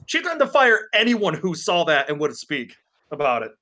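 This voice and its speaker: Brief: male podcast co-host on a call, bright, punchy, profane ranter. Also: fairly high pitch, normal speed. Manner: ranting, heavy swearing, animated impressions. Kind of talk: casual chat. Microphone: Discord call.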